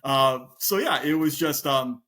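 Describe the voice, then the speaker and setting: A man's voice: a little high, a little slow. A middle-aged man and police officer telling stories in a casual interview, swearing a lot and acting out what he thought at the time. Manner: profane, animated, acts out his own past thoughts.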